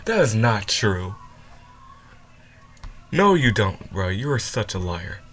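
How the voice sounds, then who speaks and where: A man's voice: fairly low pitch, big pitch swings, takes it slowly, fairly bright tone, soft background music. A young man reacting to a clip, heated and swearing, stumbling over his words and sounding upset after crying. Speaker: reaction video host. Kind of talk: reaction commentary.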